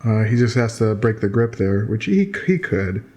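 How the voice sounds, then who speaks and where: A man's voice: on the low side, big pitch swings, moderate pace, mellow. A man giving casual, joking commentary while watching old fight footage, with lots of fillers and restarts.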